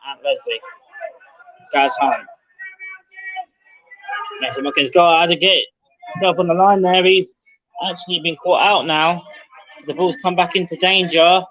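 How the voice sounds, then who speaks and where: A man's voice: a little high, measured pace, pauses often. A man doing live play-by-play football commentary for a club stream, calling out player names and lifting his voice with the action. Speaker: match commentator for the club's livestream. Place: outdoor football ground under floodlights. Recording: dull lo-fi livestream audio.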